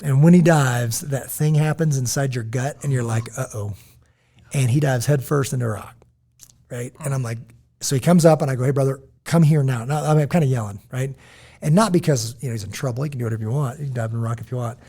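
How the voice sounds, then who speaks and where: A man in his forties telling animated, rambling stories as a podcast co-host, often checking in with "right?". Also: medium pitch, fast. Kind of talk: casual podcast storytelling.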